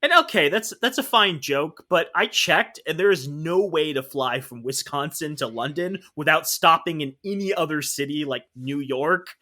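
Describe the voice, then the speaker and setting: A man with a bright, forceful voice co-hosting a podcast in casual chat. He rants with sarcastic disdain, piling up complaints. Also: on the high side, animated, normal speed, hardly any pauses. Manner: sarcastic, ranting. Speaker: podcast co-host.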